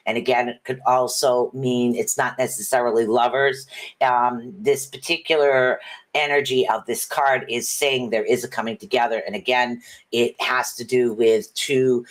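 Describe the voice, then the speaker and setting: Chatty woman giving tarot readings. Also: extremely low pitch. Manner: chatty, rambling, with many fillers and restarts; upbeat and encouraging. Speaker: tarot reader hosting a livestream. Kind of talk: casual livestream chat and tarot readings.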